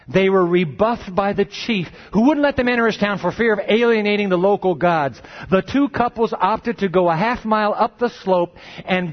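A man preaching a sermon, telling a story dramatically and dropping his voice low and slow for emphasis. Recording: dull lo-fi recording.

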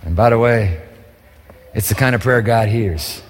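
A man's voice: lowish voice, measured pace, breathy edge. A man preaching a sermon as pastor, pleading and asking the listeners questions. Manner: impassioned preaching with rhetorical questions. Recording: long reverb of a large hall.

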